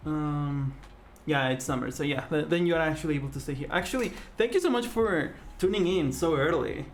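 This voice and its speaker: A live-stream host chatting casually while drawing, rambling with many fillers and self-corrections and often breaking into laughter and excited greetings. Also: medium pitch, brisk, faint music behind. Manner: laughs easily, with sudden excited outbursts.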